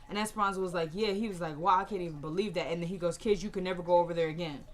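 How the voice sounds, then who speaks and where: A woman's voice: lowish voice, fairly even intonation. A woman recapping a TV episode in casual chat, chatty and opinionated, quoting the characters' lines and turning to her viewers with asides. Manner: chatty, acts out characters' lines in quick bursts.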